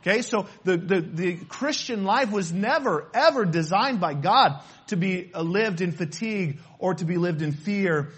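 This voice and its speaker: A man preaching a sermon in an emphatic, animated way, repeating his key phrases. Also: sits high, a little slow, hardly any pauses, breathy edge.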